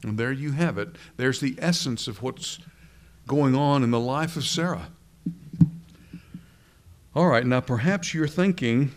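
Deliberate male preacher. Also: medium pitch, expressive. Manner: deliberate, asks the congregation questions, slows down for emphasis. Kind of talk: sermon.

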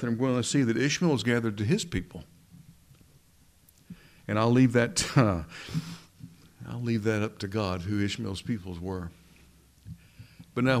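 A man preaching a sermon in a conversational teaching manner, asking his listeners questions as he goes. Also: medium pitch.

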